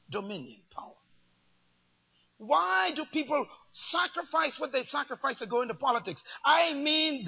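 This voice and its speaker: A man preaching a sermon with dramatic swings from shouts to near-whispers and many rhetorical questions. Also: very high-pitched, slightly rough. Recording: dull lo-fi recording.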